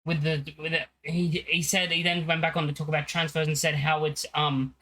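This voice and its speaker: A man's voice: on the high side, level tone, fairly quick, bright, forceful tone, poor audio. A young man talking casually as a football fan channel host, rambling, with many fillers and restarts.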